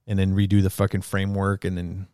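A man's voice: low voice, monotone, fast talker, mellow, a little hiss or hum. Profane storytelling man, casual chat. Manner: profane, storytelling, acts out quotes.

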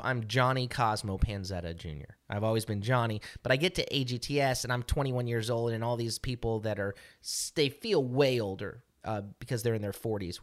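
A man's voice: mid-range voice, no echo. A middle-aged man co-hosting a podcast, telling a story casually in a rambling way with many restarts and fillers. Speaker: podcast co-host.

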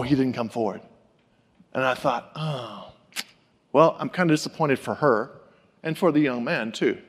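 A man preaching a sermon, telling personal stories and acting out the people he quotes in an animated way. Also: medium pitch, in a large hall. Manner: animated, acts out quoted voices. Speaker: pastor. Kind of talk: sermon storytelling.

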